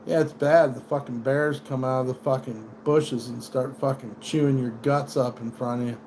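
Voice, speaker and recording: A man's voice: mid-range voice, fairly even intonation, moderate pace, a little mellow, a little hiss or hum. Profane, rambling American man streaming. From United States. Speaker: livestream host. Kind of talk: rambling livestream rant.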